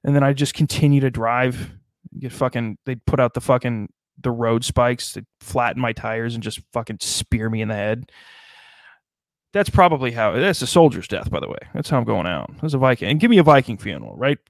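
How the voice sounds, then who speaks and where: A man's voice: mid-range voice, animated, brisk, gravelly, dry recording. Man, casual podcast talk, profane rambling riffs, mid-range voice, dry close sound.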